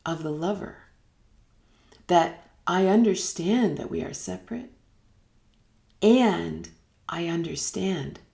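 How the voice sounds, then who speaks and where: A woman giving a reflective spiritual teaching in a live online session, musing and unhurried, sometimes dropping almost to a whisper. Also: fairly low pitch, gravelly, dark tone. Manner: unhurried, musing, drops to near-whispers at times. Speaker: meditation teacher. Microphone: live online broadcast.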